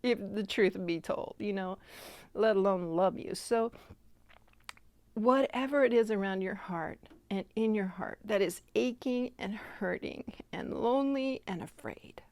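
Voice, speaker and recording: A woman's voice: medium pitch, unhurried, darkish tone, no room sound. A middle-aged woman speaking tenderly and earnestly to viewers in a personal devotional testimony, emotional at times and dropping to a whisper. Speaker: Christian speaker sharing a devotional message.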